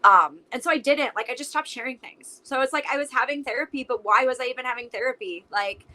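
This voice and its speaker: A young woman with a bright, higher voice tells a personal story as a podcast guest. She talks casually and emotionally, full of "like"s. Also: fast talker, rough recording.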